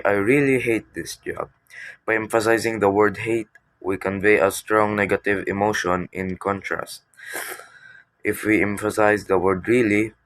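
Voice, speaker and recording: Deep-voiced male teacher, dry sound. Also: fairly bright tone, no echo. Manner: reads prepared text, with restarts. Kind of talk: classroom lecture.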